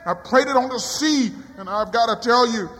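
A man preaching a sermon in a church, swinging from quiet low passages to high cries. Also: normal speed. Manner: dramatic rising cries and quiet drops. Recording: long hall reverb.

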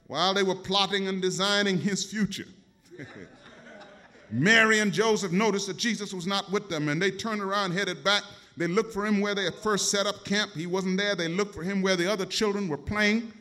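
A man preaches a dramatic, emphatic sermon, calling out questions to his congregation in call-and-response fashion. His voice sits high and sounds pushed and bright, at a normal speed.

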